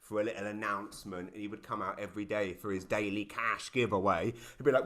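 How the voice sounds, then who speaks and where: A middle-aged British man doing a stand-up routine over a video call, telling stories with quick asides and punchy lines. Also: on the low side, background noise. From Britain. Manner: animated storytelling with quick asides and sudden loud punchlines. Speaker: stand-up comedian. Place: home in a small town, performing over a video call.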